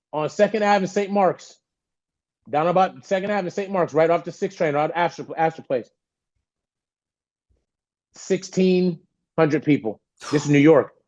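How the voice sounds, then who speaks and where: A man's voice: a little high, a little mellow, lo-fi sound. A man, a guest on a podcast, telling a story with animation and acting out the voices of the people he quotes. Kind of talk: storytelling in an interview.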